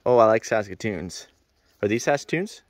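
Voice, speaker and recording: A man's voice: lowish voice, animated, moderate pace, dry recording. A man filming a family hike outdoors, joking and laughing as he talks to the camera. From Canada. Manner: joking, playful, laughs often. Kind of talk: casual chat. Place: outdoors on a hiking trail.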